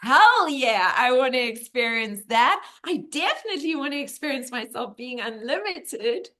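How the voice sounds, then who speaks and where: A woman's voice: lowish voice, slow pace. A woman voicing an eager little female soul who squeals and gasps with delight. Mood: thrilled. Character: eager newborn female soul, giddy and wide-eyed.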